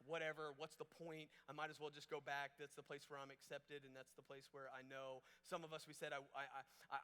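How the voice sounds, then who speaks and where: A man's voice: on the high side, pushed and bright, clear, resonant tone. A man preaching a casual, storytelling youth camp sermon with playful asides. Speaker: camp speaker. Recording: long reverb of a large hall.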